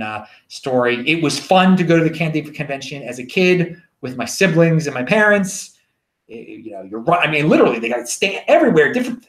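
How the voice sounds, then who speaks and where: A man with a Baltimore accent hosting his own show, telling stories in a rambling, animated casual monologue. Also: mid-range voice, echoey room. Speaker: show host.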